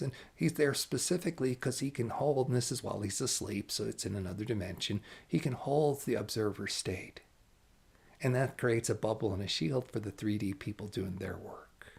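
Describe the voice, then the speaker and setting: A man giving an animated, emphatic channeled spiritual talk, now and then dropping to hushed asides. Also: fairly low pitch, vocal fry, breathy edge.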